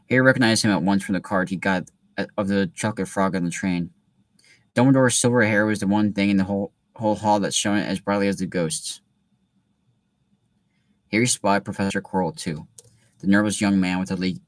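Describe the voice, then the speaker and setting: A young man reads a storybook aloud, then drifts into laid-back chatty asides full of filler words. His voice sits on the low side. The recording is close and dry. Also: no echo. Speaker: reader. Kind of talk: reading aloud with casual commentary.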